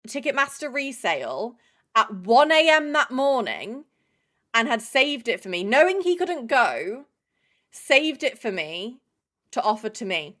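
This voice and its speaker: A woman's voice: on the high side, sing-song, unhurried, a bit bright. A young woman chatting casually on a live stream, swearing freely and greeting chatters by name.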